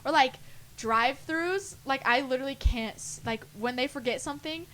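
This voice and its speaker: Give me a bright-voiced, fairly high woman rambling in casual podcast chat. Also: moderate pace, a little hiss or hum. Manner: rambling, lots of "like", self-deprecating. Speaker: podcast co-host.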